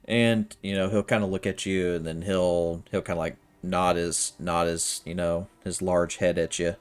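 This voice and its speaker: A man's voice: sits low, flat delivery, normal speed, smooth. A man narrating as game master of a tabletop game, loose and hesitant, full of fillers. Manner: loose and hesitant, full of "kinda" and "you know".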